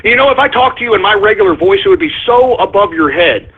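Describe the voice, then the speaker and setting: High-voiced, husky ranting radio host. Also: male voice, lively intonation, fast. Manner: abrasive, ranting, confrontational. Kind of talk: call-in radio rant. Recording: tinny phone-like lo-fi audio.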